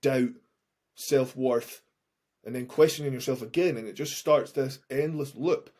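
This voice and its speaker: A man who works as a coach joins a podcast as a guest and talks openly about his anxiety in a medium-pitched, slightly slow, somewhat mellow voice. He's frank, swears freely and often restarts sentences in this candid conversation.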